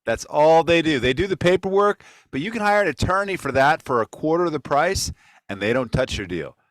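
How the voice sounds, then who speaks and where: A man's voice: a little high, expressive, brisk, dry recording, poor audio. A man hosting a casual online real estate talk, making blunt, emphatic points. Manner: emphatic, preachy opinions. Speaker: podcast host.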